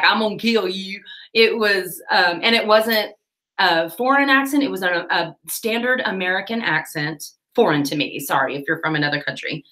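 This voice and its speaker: A woman chatting casually on her livestream, telling a rambling story with quick laughs while she cleans her tack. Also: mid-range voice, fairly bright tone. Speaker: livestream host.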